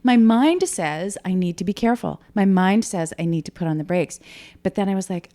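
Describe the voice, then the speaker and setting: Low-voiced woman recounting her race. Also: moderate pace. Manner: animated, laughs while telling. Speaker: triathlete guest. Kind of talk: casual race recap chat.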